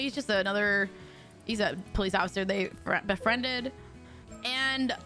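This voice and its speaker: Young woman streamer, chatty and giggly, bright voice, lively swings, faint music underneath. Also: a little high. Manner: chatty, swears freely, giggly. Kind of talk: casual gaming commentary.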